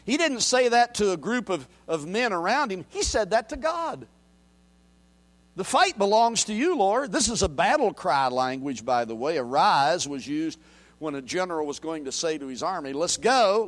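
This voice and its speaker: High, lively-voiced preacher. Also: male voice. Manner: swings from quiet murmurs to loud raised declarations; reads scripture aloud and asks the congregation to repeat. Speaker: pastor. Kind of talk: sermon.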